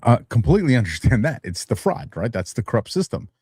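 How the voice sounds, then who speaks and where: Speaking fast in a mid-pitched, sing-song voice with a breathy edge, a tired man hosts a live-streamed talk show, captured with studio quality and no echo. His talk wanders, punctuated by chuckles, and turns heated and loud once he starts arguing.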